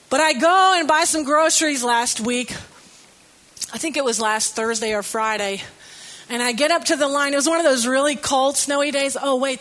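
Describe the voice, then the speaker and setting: A woman's voice: fairly high pitch, fairly bright tone. A woman preaching a sermon in a conversational, storytelling way with light humor.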